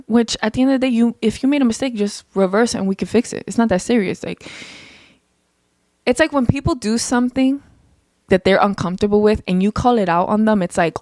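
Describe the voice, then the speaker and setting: A young woman hosting her own podcast, talking casually and passionately, her voice climbing high when she gets heated. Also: fairly quick, darkish tone, dry recording, studio quality. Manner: passionate, emphatic, rises into heated rants. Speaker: podcast host. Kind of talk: casual solo podcast monologue.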